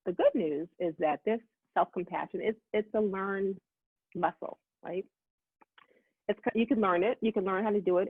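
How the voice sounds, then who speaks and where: A middle-aged woman giving a motivational talk, talking fast and acting out her own inner voice. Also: mid-range voice, slightly rough, no echo. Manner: fast-talking, animated self-talk quotes. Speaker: summit speaker. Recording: tinny phone-like line, dry.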